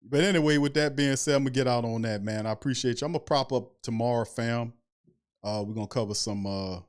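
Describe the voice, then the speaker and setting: Animated laughing sports-stream host, man. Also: fairly low pitch. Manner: animated, laughing, repetitive and blunt with slang. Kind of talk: late-night live stream rant.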